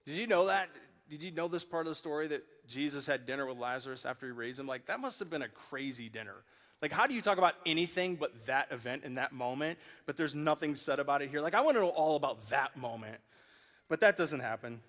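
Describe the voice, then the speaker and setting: A man in his forties delivers a sermon from a church stage, his voice sitting a little high. He tells stories and acts out the people in them with lively energy. The sound carries the long reverb of a large church auditorium. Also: fast talker. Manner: animated storyteller, acts out quoted voices. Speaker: pastor.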